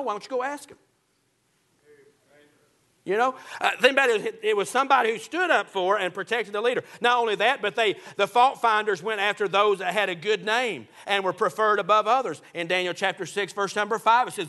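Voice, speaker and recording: A man preaching a Baptist sermon in a high, ringing voice. He is folksy and fond of jokes, and he drives his points home hard, peppering them with "uh" and "listen." His tone stays bright throughout. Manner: folksy, joking, emphatic preaching with frequent "uh" and "listen".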